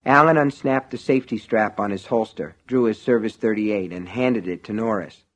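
A man reading a novel aloud as an audiobook narrator, in measured, even storytelling. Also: on the low side. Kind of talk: scripted narration.

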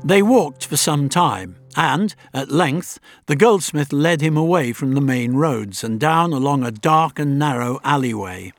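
A man reading a story aloud in a measured, dramatic narrating style. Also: a little high, animated, no echo, faint music behind. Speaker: audiobook narrator. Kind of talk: scripted narration.

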